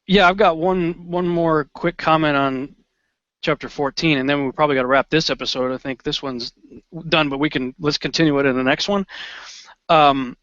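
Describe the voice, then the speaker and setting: A man co-hosting a Bible study show, chatting in a relaxed way and reading verses aloud. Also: a little high, moderate pace, no room sound. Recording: dull lo-fi dry recording.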